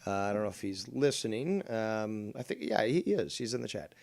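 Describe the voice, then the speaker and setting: A man's voice: on the low side, brisk, vocal fry, a little mellow, dry recording. Male drama streamer, casual rambling commentary, sarcastic and foul-mouthed, dry close sound. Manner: rambling, sarcastic, swears freely.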